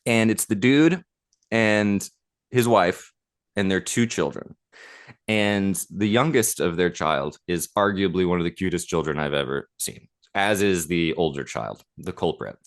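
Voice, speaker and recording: Low-voiced man telling a rambling story. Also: measured pace. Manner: rambling, animated anecdote-telling with frequent fillers. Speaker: podcast co-host. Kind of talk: casual storytelling chat.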